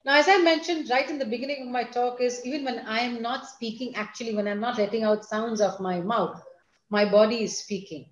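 A woman school principal, giving an online lecture to students and parents in an expressive, teacherly manner. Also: on the high side, brisk, roomy sound, slight background noise, rough recording. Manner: expressive, teacherly, addresses listeners directly.

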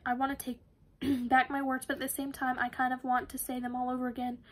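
Woman reading a novel aloud, flat delivery. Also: sits high, brisk. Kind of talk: read-aloud narration of a novel.

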